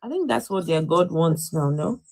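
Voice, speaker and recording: A woman's voice: on the low side, lively intonation, moderate pace, gravelly, low-quality recording. A woman with a Nigerian accent hosting a live call-in debate, pressing her question again and again. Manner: insistent, repeats her question.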